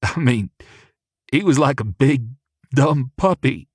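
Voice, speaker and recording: A man reading aloud and voicing an emotional young man who speaks in a halting, upset way, in an audiobook. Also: medium pitch, lively intonation, breathy edge, no echo, studio quality, pitched above the performer's own voice. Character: young man, emotional, tender, shaken boyfriend. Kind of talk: audiobook character voice.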